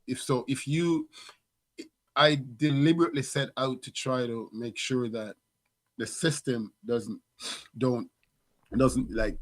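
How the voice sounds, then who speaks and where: A middle-aged man and father co-hosting a podcast, talking in a reflective, casual way with many restarts and fillers. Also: mid-range voice. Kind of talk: casual conversation.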